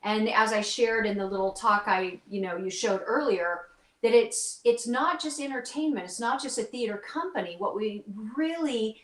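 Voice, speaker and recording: A woman guest on a livestream, speaking in a heartfelt, halting way. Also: on the high side, a bit bright, echoey room. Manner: heartfelt and emotional, with hesitations. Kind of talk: casual video call chat.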